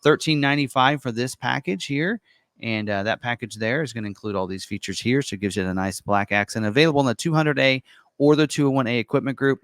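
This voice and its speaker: A man giving a casual, unscripted walkthrough of an online configurator, chatty and full of ums and quick self-corrections. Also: mid-range voice, fairly bright tone, no echo, studio quality. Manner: casual and chatty, many ums and uhs, corrects himself on the fly. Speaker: car presenter walking through an online configurator.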